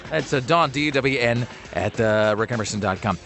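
A man's voice: mid-range voice, normal speed, creaky, over music. A man hosting a radio talk show, chatting casually in a wry, rambling way with many fillers.

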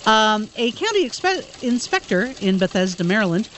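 A woman's voice: on the high side, big pitch swings, normal speed, a little hiss or hum. A woman reading entertainment news stories on a talk show, with casual fillers. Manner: reads stories with hesitant fillers.

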